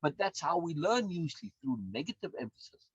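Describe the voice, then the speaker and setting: Man, course instructor, lively swooping pitch, dull dry lo-fi recording. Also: fairly quick, breathy edge, no room sound. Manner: emphatic, repeats words, frequent tag questions.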